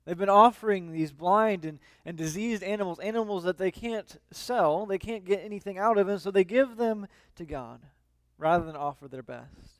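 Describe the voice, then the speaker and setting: A lead minister preaching a sermon in a conversational way, with frequent fillers and restarts, and reading scripture aloud. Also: male voice, high voice, moderate pace, dry recording.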